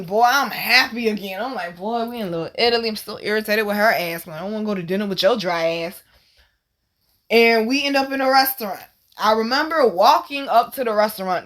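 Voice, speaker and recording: Animated, bright-voiced woman storyteller. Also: medium pitch. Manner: animated, profane, swings to loud exclaims. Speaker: host. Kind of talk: casual storytelling monologue.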